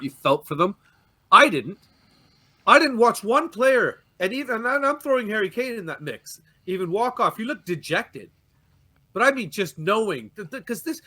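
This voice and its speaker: A man's voice: sits high, bright, forceful tone. A Canadian man, a dejected football fan, ranting and swearing on a fan show, often stumbling over his words. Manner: ranting, swearing, stammering restarts. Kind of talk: heated fan-show chat.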